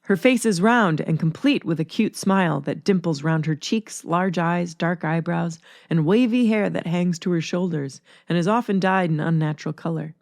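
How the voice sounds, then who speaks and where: A woman reading a story aloud in a steady, plain narrating manner. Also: fairly low pitch, normal speed, few pauses, dry recording, studio quality.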